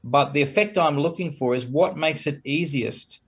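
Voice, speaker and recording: A man's voice: fairly high pitch, normal speed, slightly rough. A man who plays trumpet, talking casually as an interview guest, chuckling between points and acting out quoted exchanges in a raised voice.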